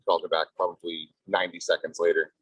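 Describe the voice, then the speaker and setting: Emphatic man with a husky low voice. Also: flat delivery, quick pace, fairly bright tone, no echo. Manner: emphatic, salesy, repeats "right?". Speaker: real estate agent. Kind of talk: team meeting discussion. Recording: muffled low-fidelity audio.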